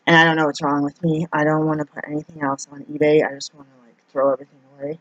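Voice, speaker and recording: A woman's voice: deep voice, flat delivery, brisk, a bit bright. A woman talking through a personal confessional monologue as a vlogger. She rambles and hesitates, restarting her sentences often. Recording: dull, dry lo-fi recording.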